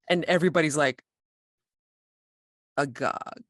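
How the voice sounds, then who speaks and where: A woman narrating a tabletop role-playing game as game master, describing scenes in a measured way. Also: very deep voice, no room sound, studio quality.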